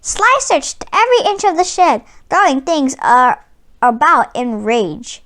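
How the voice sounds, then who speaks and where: Slow, bright-voiced woman reading a storybook. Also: high-pitched, lively intonation. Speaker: children's book reader. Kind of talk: read-aloud storytelling for kids.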